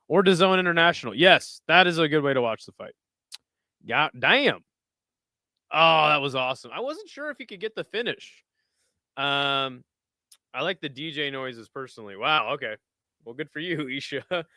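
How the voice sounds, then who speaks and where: Brief: young male streamer, lively pitch, smooth clear voice, dry close sound, excitable play-by-play with chat asides. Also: moderate pace, pauses often, no room sound. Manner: excitable, shouts and whoops at big moments, chatty asides to chat. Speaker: streamer giving live fight commentary. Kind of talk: casual live-stream commentary.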